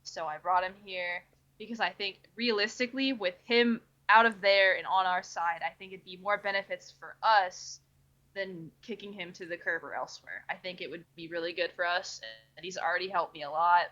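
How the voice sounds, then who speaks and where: A woman with a bright, forceful voice playing her character in a tabletop game. She argues her case earnestly and a bit ramblingly. The lo-fi mic gives the recording a dull sound. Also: fairly low pitch, steady tone, normal speed. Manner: earnest, pleading, slightly rambling. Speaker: player.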